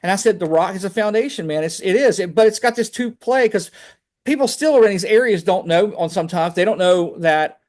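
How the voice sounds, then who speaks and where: A man telling personal faith stories on a video call, animated and chatty, often saying "man". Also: sits high, a little fast. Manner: animated storytelling, fillers like "man". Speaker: guest speaker. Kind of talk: casual testimony on a video call.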